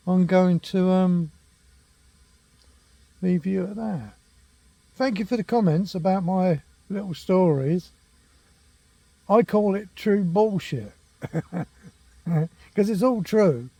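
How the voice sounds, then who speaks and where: An older man tells rambling family yarns from his home, stopping to fix his own facts. His voice sits a touch high but sounds dark and husky. The sound is close and dry. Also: no echo. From England. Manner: rambling, chatty, self-correcting, laughs at own tales. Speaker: walking vlogger. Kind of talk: casual storytelling to camera. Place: at home, indoors.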